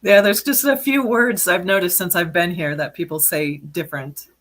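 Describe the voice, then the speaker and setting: A woman from California co-hosting a call-in show, easygoing and quick to laugh. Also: on the low side, fairly bright tone. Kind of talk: casual chat.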